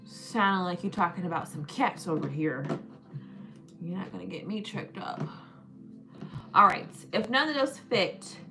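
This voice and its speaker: A woman chatting on a live stream in a bright, forceful voice. She takes her time and stretches words out as she sounds them, joking and playful, with faint music underneath. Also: medium pitch. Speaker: livestream host. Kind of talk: casual live-stream chat.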